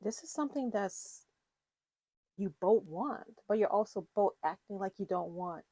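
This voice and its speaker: A woman's voice: medium pitch, expressive, a little slow, warm tone, no room sound. A woman giving a casual, rambling tarot reading to her viewers, full of fillers and restarts. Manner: chatty, rambling, with fillers and self-corrections. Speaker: tarot reader.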